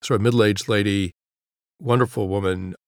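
A middle-aged man, a guest author, telling a personal story in an interview, halting and reflective, dropping to a hush at grave moments. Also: lowish voice, fairly even intonation, no echo, studio quality.

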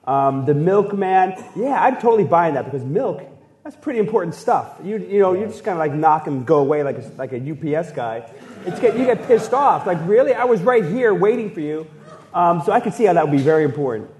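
A man with a noticeably high voice bantering among co-hosts. He sounds animated and incredulous, and laughs as he talks his way through ideas. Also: fairly quick. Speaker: podcast co-host. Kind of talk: casual banter.

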